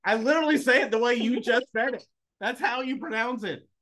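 A man in his forties, a play-by-play announcer co-hosting a sports podcast in casual, dry, self-mocking chat, quick to laugh. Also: very high-pitched, pushed and bright.

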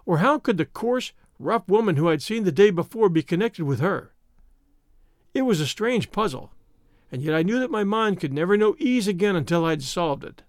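A man narrating a story in the first person with an expressive, theatrical delivery. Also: high-pitched, moderate pace, no echo, clean studio sound. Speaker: audiobook narrator.

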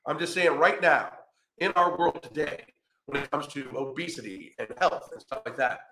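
A combative male host ranting profanely, with sarcasm in nearly every line. His voice is bright and forceful, and the room around him is echoey. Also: fairly high pitch, moderate pace, a little hiss or hum. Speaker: podcast host. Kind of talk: ranting reaction commentary.

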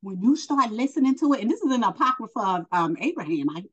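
A woman's voice: a little high, big pitch swings, quick pace, slightly rough, dull audio. A woman preaching informally and earnestly, encouraging the listener and addressing them as honey, emotional and close to tears. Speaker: spiritual teacher.

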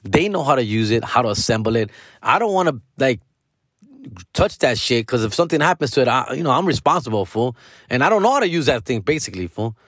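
A man's voice: mid-range voice, sing-song, fast, fairly bright tone, slightly rough, no echo, clean studio sound. A man in his forties hosting his own podcast, rambling casually in a slangy, profane way and peppering his speech with "fool" and "dog". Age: 40s. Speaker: podcast host. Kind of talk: casual monologue.

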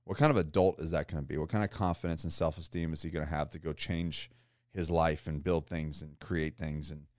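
A man's voice: very deep voice, fairly even intonation, fairly quick, a little mellow, no echo, clean studio sound. A man hosting a podcast, asking long, rambling questions in casual talk and often repeating himself. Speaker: podcast host.

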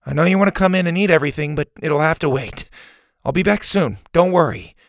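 A man's voice: fairly high pitch, brisk, no echo, studio quality, pitched above the performer's own voice, close to an everyday voice. A man voicing a nervous young boy camper who jokes lightly and talks a bit anxiously. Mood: coaxing.

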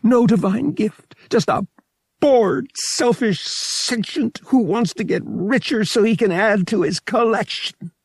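A young woman falls apart in tears, as a male audiobook narrator voices her. Her voice jumps high and trembles between words. It sits well above the husky, gravelly tone of the man doing it. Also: lively intonation, unhurried, pauses often, dark tone, no echo, heavily acted. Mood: distraught. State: crying. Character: young woman pilgrim, shaken and weeping.

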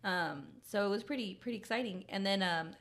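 A woman's voice: medium pitch, fairly quick, a bit bright. A young woman co-hosting a podcast, chatting casually and animatedly, laughing often as she tells a family story. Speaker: podcast co-host. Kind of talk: casual chat.

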